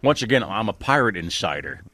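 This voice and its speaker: A man co-hosting a casual talk show, teasing his co-hosts in quick back-and-forth banter. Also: fairly low pitch, very animated, bright, forceful tone, slight background noise. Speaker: radio co-host. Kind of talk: casual chat.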